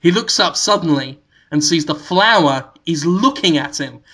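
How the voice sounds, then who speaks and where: A man co-hosting a podcast, spinning a long comic movie pitch that wanders as he goes. His voice is bright and forward, and he keeps breaking into laughter at his own ideas. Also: lively intonation, moderate pace. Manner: rambling storytelling, laughing at own jokes. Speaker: podcast co-host.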